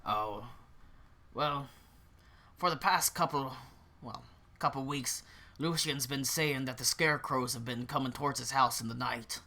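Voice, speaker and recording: A friendly old-world bartender talks in a resigned, easygoing manner, played by a man running a tabletop game. His voice is bright and close to the game master's own. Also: medium pitch, measured pace, long pauses. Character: weary, kindly male tavern bartender.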